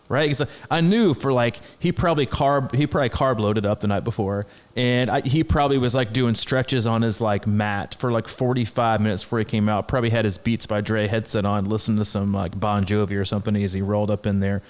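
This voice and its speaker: A man's voice: fairly low pitch, a little fast, few pauses. A middle-aged man co-hosting a podcast, telling a story in casual chat with lots of restarts and laughs. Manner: rambling, animated, laughs often, many restarts. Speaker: podcast co-host.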